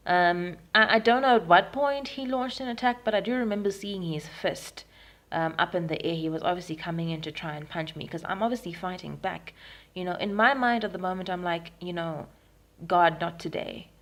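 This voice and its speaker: Earnest Zimbabwean woman, slightly low voice. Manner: earnest, frank retelling with frequent ums. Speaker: vlogger. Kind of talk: personal video diary. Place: at home in Harare.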